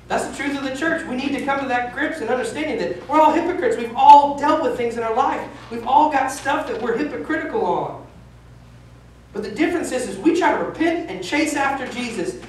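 A pastor in his thirties preaching with candid, emphatic, self-deprecating honesty. His voice rings around a large, echoey church space. He sounds picked up from some distance, with faint room hiss underneath. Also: very high voice. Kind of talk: sermon. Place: church sanctuary.

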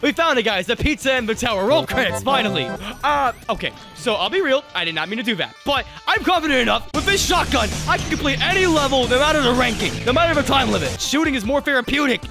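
A man's voice: extremely high pitch, big pitch swings, fast talker, gravelly. A man giving joking, jumpy let's play commentary, yelping and laughing as he plays, recorded on a close mic with game music behind. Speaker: gaming YouTuber.

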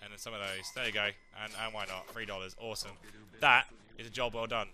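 Young guy doing gameplay commentary, goofy and excitable, super bright sharp voice. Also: fairly low pitch, quick pace. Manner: jokey, chatty, excitable. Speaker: let's play gamer. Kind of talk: casual game commentary.

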